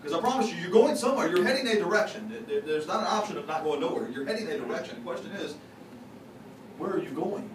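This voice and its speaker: A man's voice: high voice, lively intonation, fast talker. A man preaching a conversational, folksy sermon to his congregation, sharing confessions and teasing people in the pews. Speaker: pastor. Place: church sanctuary. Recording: echoey, distant, noisy church recording.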